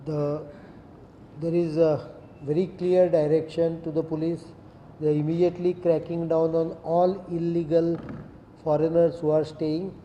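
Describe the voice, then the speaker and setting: A middle-aged man with an Indian English accent gives a firm, deliberate press statement as chief minister, reading out legal sections one by one. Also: on the high side, little pitch movement, dull audio. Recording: echoey room, faint background noise.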